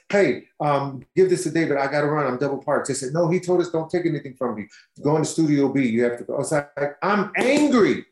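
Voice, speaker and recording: A man near sixty, a singer being interviewed, telling stories expressively and acting out what people said, laughing as he goes. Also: on the high side. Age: 50s. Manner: expressive, laughing storyteller who acts out quotes. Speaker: guest singer. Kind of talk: animated storytelling interview. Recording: roomy echo.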